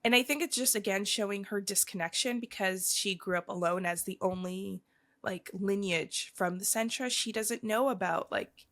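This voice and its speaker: A woman's voice: medium pitch, moderate pace, a bit bright. A woman co-hosting a podcast, giving a chatty, rambling recap full of fillers. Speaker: podcast co-host.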